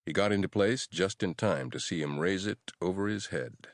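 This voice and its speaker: Sex: male. Role: audiobook narrator. Style: scripted horror narration, measured and even. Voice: very low and deep, dry and close to the mic. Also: no echo.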